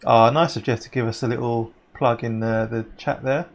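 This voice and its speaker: English guy, live sim racing streamer, chatty and matey, gravelly fry in the voice, mid pitch. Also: steady tone, normal speed, muffled recording. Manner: chatty, matey, chatting with viewers while driving.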